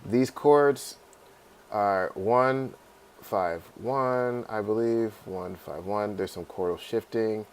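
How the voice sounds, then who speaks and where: A man teaching a class how to add lyrics in notation software, talking casually with fillers and checking in with "right?". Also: lowish voice, slow. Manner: casual, repeats "right?" and fillers, sings melody snippets. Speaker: music teacher. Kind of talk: screen-recorded software tutorial.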